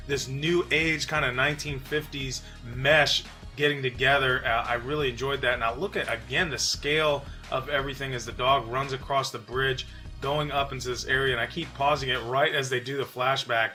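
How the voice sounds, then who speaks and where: Chatty bright-voiced man commenting on a game. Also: medium pitch, normal speed, faint music behind. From New York. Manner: relaxed, chatty, frequent fillers. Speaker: channel host. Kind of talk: casual gaming commentary.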